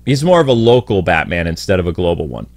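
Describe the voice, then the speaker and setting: A man's voice: low-pitched, very animated, quick pace, vocal fry, dry recording. A man giving rambling, opinionated commentary with frequent fillers. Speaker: video commentator.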